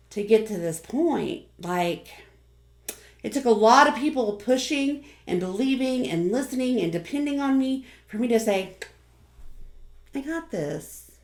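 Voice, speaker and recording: A woman's voice: medium pitch, roomy sound. A woman YouTuber giving an earnest, encouraging motivational talk to the camera, often repeating phrases.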